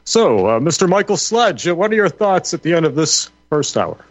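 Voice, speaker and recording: A male radio talk show host steering a panel, hesitant and full of fillers. His voice sits a bit high, heard over a dull, lo-fi line with a dry sound. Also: sing-song, moderate pace, dry recording. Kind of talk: hosting a panel roundtable.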